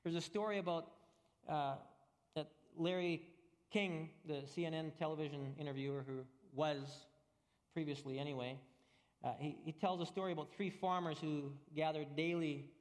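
A man's voice: a little high, moderate pace, big-room sound. A man preaching a sermon as pastor, earnest and emphatic with many repeated phrases.

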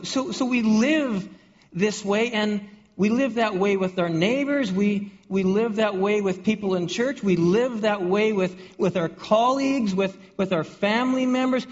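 Slow, high-voiced preacher in a reverberant hall. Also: male voice, a bit bright. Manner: repeats words and restarts often, asks the congregation questions. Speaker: pastor. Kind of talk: sermon. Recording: dull audio with long hall reverb.

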